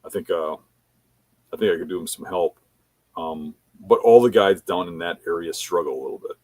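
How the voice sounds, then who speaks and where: With a low, slightly mellow voice and no echo on the recording, this Wisconsin bear hunter speaks at a moderate pace. As a podcast guest, he rambles casually through hunting anecdotes, using plenty of fillers.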